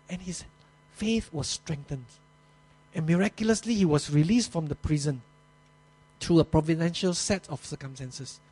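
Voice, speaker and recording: A man with a high voice preaches a sermon and tells the story slowly, stopping for effect. His grammar slips here and there. A faint mains hum sits under the recording. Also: a little mellow, husky, rough recording. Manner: storytelling with dramatic pauses, non-native grammar slips.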